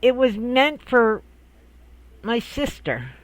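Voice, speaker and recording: An embarrassed old farmer grandfather who sputters and scolds indignantly, as a man acts him out. The voice sits high, with a close, dry sound. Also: sing-song, slow, a bit bright, dry recording, exaggerated voice.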